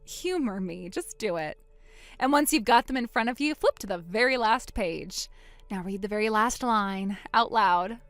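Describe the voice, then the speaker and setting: A woman voicing a calm, vengeful young woman who coldly springs a trap on her sister in a text-story drama. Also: mid-range voice, moderate pace, no echo, soft background music, close to an everyday voice. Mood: hurt. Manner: cool, quiet, coldly sarcastic.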